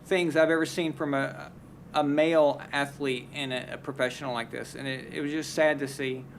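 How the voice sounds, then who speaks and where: A man with a mid-range voice, vocal fry, fairly even intonation, and moderate pace hosts a casual live sports talk stream. He gives blunt, heated opinions and often restarts his sentences, with slight background noise.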